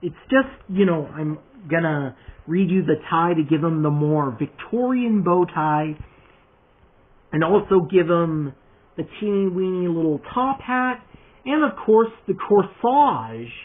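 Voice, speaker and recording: A man with a lisp and a slightly husky, high voice rambles slowly through a casual vlog while under the weather. His talk is full of chatty asides. The sound is thin and tinny, like a phone line. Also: expressive. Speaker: toy customizer vlogger.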